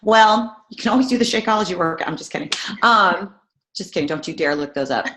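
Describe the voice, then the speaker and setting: A woman's voice: lowish voice, expressive, a little fast, a bit bright. A woman fitness coach giving a casual, jokey motivational talk in a chatty, bubbly manner. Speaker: fitness coach guest speaker. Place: room, online hangout. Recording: roomy echo.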